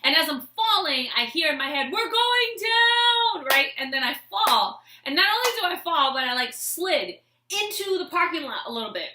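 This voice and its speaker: A woman vlogger telling a comic personal story with a life lesson, animated and expressive as she acts out scenes. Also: high-pitched, a little fast. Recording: echoey room.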